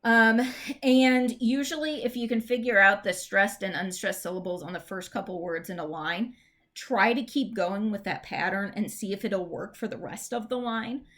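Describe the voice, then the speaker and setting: A woman teacher giving a recorded English lesson. She explains in a chatty, informal way and reads verse lines slowly, stressing the beats. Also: medium pitch, a bit bright. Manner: chatty, informal fillers and restarts.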